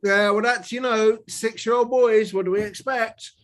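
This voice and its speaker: A man's voice: sits high, fairly even intonation, normal speed, fairly bright tone. A man with a London English accent, chatting casually and playfully over a video call as the interviewer. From England. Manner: friendly and joking with a child.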